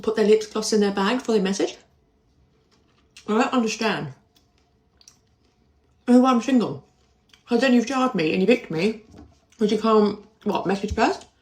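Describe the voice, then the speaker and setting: A woman's voice: medium pitch, moderate pace, long pauses, darkish tone. A woman ranting sarcastically about men on dating apps, exasperated. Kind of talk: casual vlog rant.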